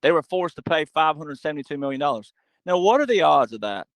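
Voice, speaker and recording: A man speaking as a podcast guest in an animated monologue, emphatic and full of rhetorical questions. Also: a little high, fast talker, no room sound, rough recording. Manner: acts out quoted voices.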